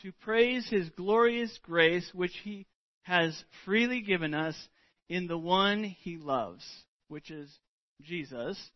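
A middle-aged man preaching a sermon as pastor, earnest and deliberate, stretching out words for emphasis. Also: high-pitched, no room sound, dull audio.

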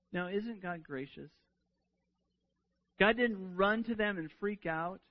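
A man's voice: high voice, unhurried, muffled recording. A man preaching a sermon in an earnest way, often repeating words as he restarts a sentence.

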